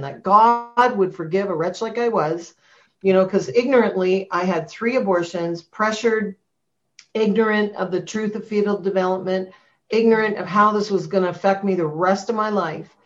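Speaking in a mid-range voice, a middle-aged female guest tells her testimony with heartfelt storytelling. She hurries at times and slows down softly at others; the audio is dull and lo-fi.

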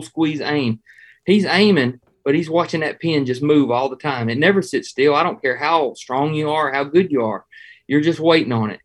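A Southern-accented man from Georgia talks in a fairly high, bright voice for a man. He spins hunting yarns with a folksy, animated delivery and chuckles through them, in a relaxed interview chat. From Georgia, USA. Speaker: hunting guest. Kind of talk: casual interview storytelling.

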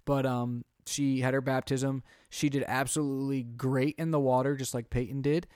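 A man in his thirties, a podcast co-host and father, chatting casually and telling animated stories. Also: mid-range voice, moderate pace, clean tone, dry recording, clean studio sound. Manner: chatty, animated storytelling with quoted voices. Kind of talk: casual chat.

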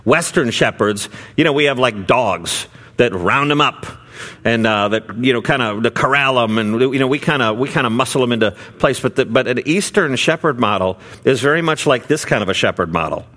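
A man's voice: medium pitch, lively intonation, a little fast, fairly bright tone. Man preaching in a loose, chatty way. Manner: conversational, many fillers and restarts. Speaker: pastor. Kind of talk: sermon with storytelling.

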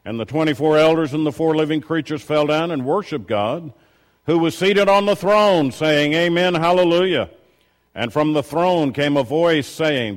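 A middle-aged man preaching a sermon, telling stories in a low voice and then rising loudly as he reads and exhorts. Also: lively intonation, normal speed. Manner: shifts from quiet storytelling to loud preaching.

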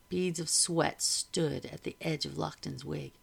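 A woman reading a novel aloud to listeners in a steady storytelling manner, with a gravelly voice. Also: low voice, a little slow, few pauses.

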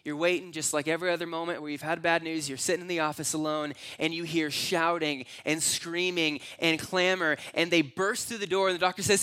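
A man preaching a sermon, telling a long story in second person and moving between hushed, low moments and loud, exclaiming ones. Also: fairly even intonation, a little fast, few pauses. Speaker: pastor.

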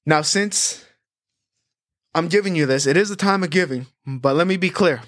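A man hosting a sports betting podcast in a chatty, animated way, rattling off stats and odds. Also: a little high, moderate pace, no echo, clean studio sound. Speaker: host.

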